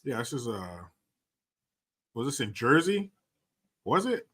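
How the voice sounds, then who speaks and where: Bright-voiced man, blunt podcast host. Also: medium pitch, sing-song, slow pace, husky. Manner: blunt, profane, loose. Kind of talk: casual podcast chat.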